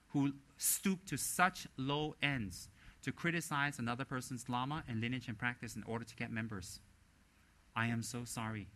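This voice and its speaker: A Buddhist teacher giving a dharma talk, a man with a bright, sharp voice and a mid-range pitch. He speaks bluntly and with animation, swinging between stern warnings and playful mimicry.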